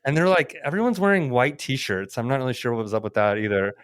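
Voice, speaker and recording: A man's voice: medium pitch, very animated, quick pace, clean tone, no room sound, studio quality. Casual swearing podcast guy. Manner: loose, swears freely. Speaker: podcast co-host. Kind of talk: casual chat.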